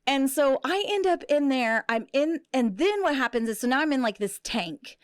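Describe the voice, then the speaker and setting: A woman's voice: high voice, moderate pace, no room sound, clean studio sound. A middle-aged woman hosting a podcast, telling a story in casual, profane chat and acting out the people she quotes. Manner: profane, animated, acts out quotes. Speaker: podcast host.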